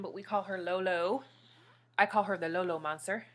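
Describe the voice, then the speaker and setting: A woman's voice: on the low side, moderate pace. A woman vlogger and new mother talking casually to her viewers, gushing and emotional.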